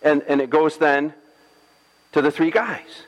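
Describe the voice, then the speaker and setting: Pastor, male, high voice, playful storyteller, long church reverb. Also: unhurried. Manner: playful storytelling, acting out scripture with jokes. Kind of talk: sermon.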